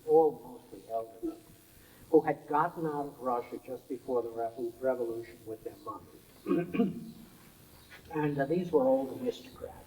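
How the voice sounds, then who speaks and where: A man's voice: mid-range voice, a little mellow, poor audio. A man recounting his travels in a rambling oral history interview, with frequent fillers and chuckles. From United States.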